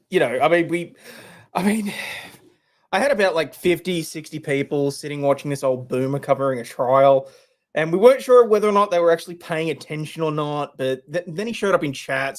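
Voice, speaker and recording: A man joins a livestream as a guest, chatting in a laid-back, rambling way. His voice sits a little higher than most men's. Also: fairly quick. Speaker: guest streamer. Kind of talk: casual livestream chat.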